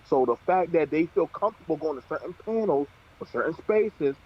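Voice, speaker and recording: A man's voice: on the high side, expressive, fairly quick, husky. A man hosting a heated panel talk, blunt and profane. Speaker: show host. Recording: dull lo-fi audio.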